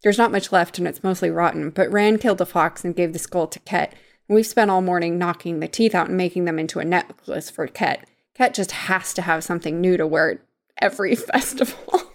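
A woman's voice: on the low side, fairly quick, close to an everyday voice. A woman voicing a teenage girl under hypnosis, reading her lines aloud with rising wonder.

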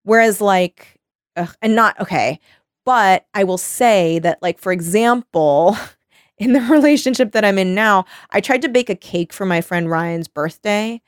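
A woman's voice: mid-range voice, a little slow, smooth, dry recording, clean studio sound. A woman, chatting as a podcast host and telling stories with lots of laughter and acted-out voices. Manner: animated storytelling, acts out quoted voices; laughs often. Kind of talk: casual chat.

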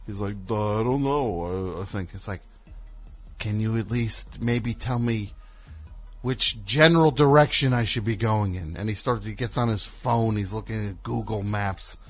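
Exasperated man with a low voice. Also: measured pace, slightly rough, faint music behind. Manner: animated, exasperated, acts out other people's lines. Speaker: caller. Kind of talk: casual storytelling on a call-in show.

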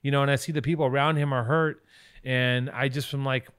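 A male podcast co-host with a medium-pitched, fairly even, slightly fast voice chats casually, swearing, joking and putting on silly voices. His tone is fairly bright, clear and resonant, recorded on a studio microphone with no echo and studio quality.

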